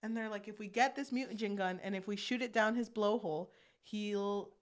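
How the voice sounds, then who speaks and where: A woman's voice: mid-range voice, a little fast. Young woman eagerly retelling a movie. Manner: animated, acts out character lines while recapping. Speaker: podcast co-host. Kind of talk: casual chat retelling a movie plot.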